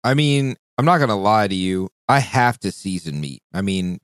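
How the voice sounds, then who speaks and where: A young man with a fairly low voice tells loose, rambling stories in casual podcast chat, swearing freely and acting out other people's lines. The recording is dry and close, with no room sound. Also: expressive, normal speed, no echo. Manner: rambling storyteller, swears a lot, acts out quotes. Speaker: podcast co-host.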